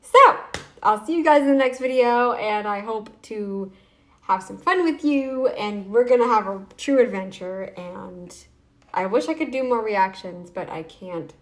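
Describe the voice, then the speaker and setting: A woman's voice: mid-range voice, unhurried. A woman vlogging to camera in a casual, snarky, taunting way, rambling with restarts and fillers. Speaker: YouTube vlogger. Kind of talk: casual talking-head vlog.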